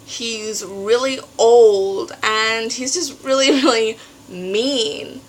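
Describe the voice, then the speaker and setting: A teenage girl vlogging at home, telling a story in an animated way and acting out what others said. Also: fairly high pitch, very slow, low-quality recording. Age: teens. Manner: animated storytelling, acts out quotes. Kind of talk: casual venting vlog.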